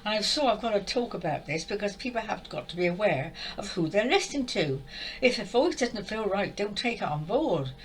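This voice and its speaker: Older woman, tearful and exasperated, animated rising and falling delivery, heartfelt monologue to camera. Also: mid-range voice, brisk, rough recording. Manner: upset, exasperated, repetitive. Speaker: spiritual channel speaker.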